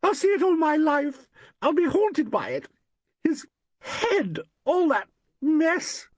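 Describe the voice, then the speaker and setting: Male reader as a hysterical actress: shrill, high, swooping voice for an audiobook. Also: big pitch swings, slow pace, dry recording, heavily acted.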